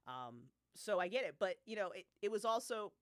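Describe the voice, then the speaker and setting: A woman who created an audio drama, talking casually on a live stream, swearing freely and laughing often, her voice jumping up when she gets excited. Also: mid-range voice, moderate pace, no room sound, clean studio sound.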